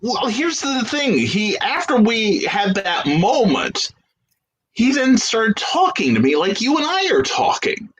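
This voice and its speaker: A man's voice: high voice, unhurried, slightly rough, rough recording. A middle-aged American man telling a long anecdote as a guest in a casual video-call interview, acting out the people he quotes. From United States. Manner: animated anecdotal storyteller, acts out quoted voices.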